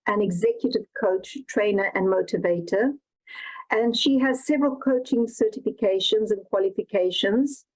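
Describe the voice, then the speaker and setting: A woman moderating an online summit, reading a formal guest introduction and then asking a long question in a measured way. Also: medium pitch, rough recording.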